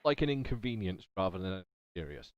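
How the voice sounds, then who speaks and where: Lively-voiced male game master. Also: low-pitched, a little fast, dry recording. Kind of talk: narrating a tabletop game. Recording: dull lo-fi online audio.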